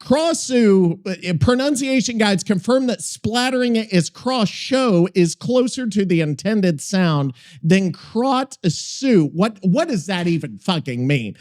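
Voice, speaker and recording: A man hosting a gaming podcast in a relaxed, unhurried way, rambling and cursing casually. His voice sits high and swings widely in pitch, and he trips over words before laughing it off. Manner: rambling, swears freely, stumbles over pronunciations. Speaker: podcast host.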